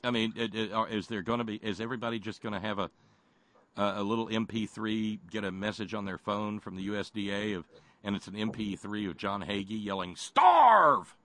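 A middle-aged man co-hosting political talk radio, sardonic and halting, with frequent restarts and stammers. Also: on the low side, flat delivery, a bit bright. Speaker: radio host.

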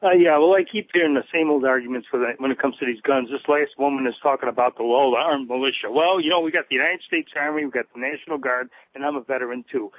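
A man's voice: medium pitch, fast, few pauses, no echo. Blunt male caller on a phone line. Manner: blunt, indignant, repeats words. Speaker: radio caller, veteran. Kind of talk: call-in radio caller.

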